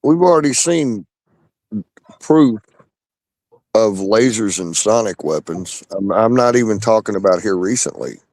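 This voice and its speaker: A man's voice: fairly low pitch, animated, unhurried, pauses often, a little mellow, dry recording. A man guest on a livestream, speaking in a matter-of-fact way. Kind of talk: casual livestream chat.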